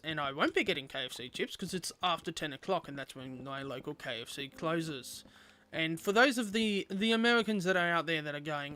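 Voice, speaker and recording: A man's voice: on the high side, bright, forceful tone. A young man chatting playfully with viewers while streaming a game. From Australia. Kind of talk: casual gameplay livestream chat.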